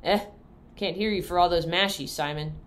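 A woman voicing a stingy, gruff farmer uncle with a slow, suspicious drawl. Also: on the low side, natural voice.

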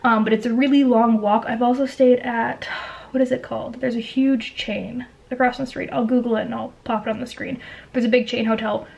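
Fast, chatty young woman vlogger. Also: on the high side, fairly even intonation, creaky, a little mellow, muffled recording. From Canada. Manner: fast, chatty, with many fillers and asides. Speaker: travel vlogger. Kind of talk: casual chat to camera.

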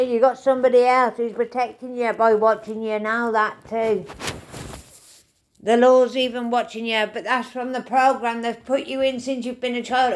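Rambling, foul-mouthed woman. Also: a little high. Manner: rambling, swears often, calls listeners mate and darling. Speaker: tarot reader. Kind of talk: casual spiritual reading to camera.

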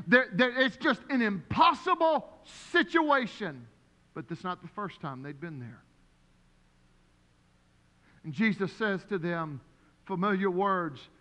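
Animated preacher in a reverberant church. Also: male voice, high-pitched, measured pace, long pauses. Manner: animated, storytelling with acted-out voices. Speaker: pastor. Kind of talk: sermon. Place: church sanctuary. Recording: long hall reverb.

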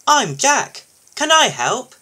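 A man's voice: extremely high pitch, slow, voice pushed up, exaggerated voice. A man voicing an eager, proud young male front loader machine in a storybook reading. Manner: excited and proud.

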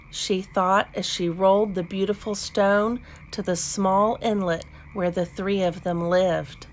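A woman reading a children's picture book aloud, gentle and expressive. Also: medium pitch, a little slow, hardly any pauses. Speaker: storybook reader. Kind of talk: children's read-aloud narration.

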